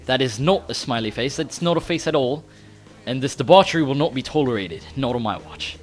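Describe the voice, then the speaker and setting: A man putting on a British accent to voice a very proper, indignant young British gentleman who speaks in stiff, pompous, formal phrasing. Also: mid-range voice, animated, a little fast, faint music behind, natural voice. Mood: pompous indignation. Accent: put-on British.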